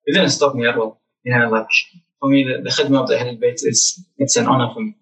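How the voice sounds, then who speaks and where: Young man telling animated childhood stories. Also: mid-range voice, quick pace, recorded from a distance, poor audio. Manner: animated, acts out childhood memories. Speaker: guest. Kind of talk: casual storytelling interview.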